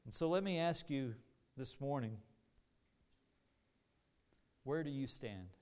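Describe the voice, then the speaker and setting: Slow, resonant male preacher. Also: mid-range voice, animated, darkish tone, clean tone. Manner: earnest, deliberate preaching with rising emphasis. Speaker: pastor. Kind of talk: sermon.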